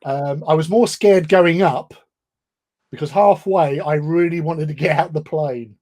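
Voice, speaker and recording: A man's voice: fairly high pitch, measured pace, darkish tone. An English man telling a long, self-deprecating story in casual chat on a livestream, often laughing. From England. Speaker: livestream co-host.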